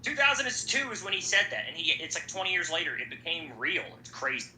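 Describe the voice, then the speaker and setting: A man's voice: a little high, big pitch swings, fast talker, bright, forceful tone. A young man hosting a podcast, chatting casually in a rambling, profane way. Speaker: podcast host. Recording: echoey room, faint background noise.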